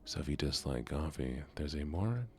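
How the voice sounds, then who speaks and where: Very deep gravelly soft-spoken man. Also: normal speed. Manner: soft-spoken, relaxed, chatting with viewers. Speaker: streamer. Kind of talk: soft-spoken gaming stream chat.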